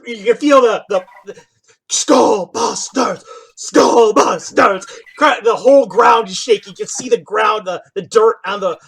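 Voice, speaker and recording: Gravelly high-voiced game master. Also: male voice, fairly bright tone. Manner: halting narration with many restarts, laughs often. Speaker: dungeon master. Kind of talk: narrating a tabletop game.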